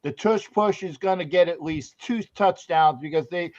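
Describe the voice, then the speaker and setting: A man co-hosting a casual sports talk show, jokey and loud, breaking into shouts. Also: on the high side, moderate pace. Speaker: podcast co-host. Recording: dull lo-fi audio.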